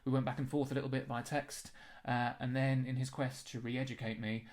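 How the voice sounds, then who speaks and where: A young man narrating a comedy apology in a dry, mock-apologetic deadpan. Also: medium pitch, a little fast.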